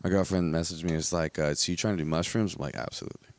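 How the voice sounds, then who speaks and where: A man's voice: low-pitched, steady tone, very fast. A young man hosting a podcast in casual chat, laughing often and swearing easily, a bit out of breath and tipsy. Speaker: podcast host.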